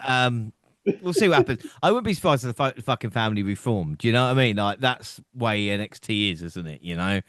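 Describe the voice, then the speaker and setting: Rambling podcast co-host, dry close sound. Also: male voice, fairly low pitch, expressive, fairly quick, fairly bright tone, dry recording. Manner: rambling, laughs often, keeps asking "do you know what I mean". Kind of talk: casual chat.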